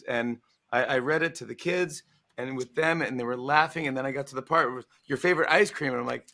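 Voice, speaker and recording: Speaking fairly quickly in a creaky, medium-pitched voice, a forties-aged man tells a humorous anecdote with animated flair, mimicking the people he quotes. He's an author guesting on a talk show during a promotional livestream interview.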